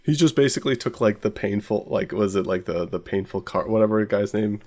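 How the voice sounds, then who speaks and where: A man's voice: on the low side, fairly quick, a little mellow. A man co-hosting a casual chat in a laid-back, offhand, profane way.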